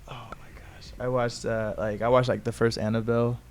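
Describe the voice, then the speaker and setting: A young man rambling through a casual podcast chat in heavy slang, his sentences full of "like" and "bro". He talks at an ordinary middle pitch. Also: level tone, brisk, darkish tone.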